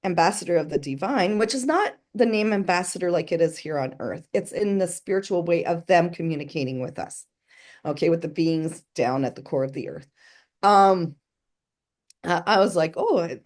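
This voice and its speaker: A middle-aged woman, appearing as an interview guest, tells her story earnestly in a casual way, acting out the voices of the people in it. Her voice sits on the low side and sounds a little mellow, animated, at a moderate pace.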